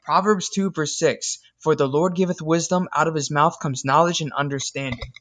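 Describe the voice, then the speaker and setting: A young man giving a scripted devotional talk, earnest and emphatic, reading scripture verses deliberately. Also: on the high side, steady tone, a bit bright. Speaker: speaker in a devotional video.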